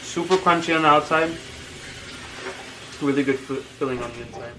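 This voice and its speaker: A man's voice: fairly high pitch, moderate pace. A young man hosting a casual food vlog, talking straight to his viewers in an upbeat way. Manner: upbeat, addresses viewers directly. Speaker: vlog host. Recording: noisy handheld camera audio.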